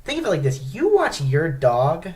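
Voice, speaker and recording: A man with a somewhat high voice co-hosts a comedy podcast. He rants in mock outrage and punches each point with a tag question, keeping the banter casual. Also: wildly swooping pitch, moderate pace, darkish tone. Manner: mock-preachy ranting, keeps tagging "okay?". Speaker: podcast co-host.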